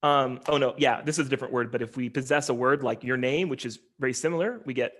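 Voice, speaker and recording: A man's voice: mid-range voice, fast talker, fairly bright tone. A man, a linguistics professor, giving an online lecture in an explanatory way, with frequent ums and restarts as he walks through slides.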